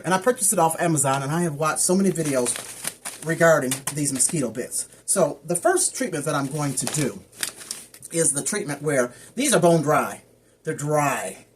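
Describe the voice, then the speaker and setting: A woman's voice: low voice, a little hiss or hum. A woman chatting casually as she shows her house plants, wandering off topic and stumbling over plant names. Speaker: plant care vlogger. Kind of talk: casual how-to chat.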